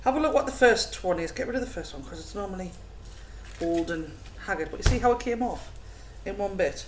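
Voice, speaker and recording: A woman's voice: mid-range voice, expressive, fairly quick. A woman hosting a casual home cooking vlog, chatty and self-mocking with frequent giggles. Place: home kitchen. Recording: echoey room, noisy background.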